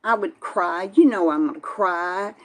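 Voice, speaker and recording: An older woman, talking in a slightly low voice. She chats easily and folksily, greeting viewers by name as she reads the live chat. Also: measured pace. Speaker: vlog host reading live chat. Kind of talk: casual live-stream chat.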